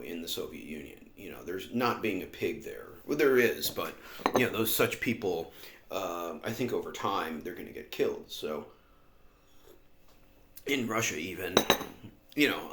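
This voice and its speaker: A man's voice: sits low, a bit bright, roomy sound. A man vlogging in a rambling, sardonic monologue full of fillers and asides. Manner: sardonic, filler-heavy, meandering.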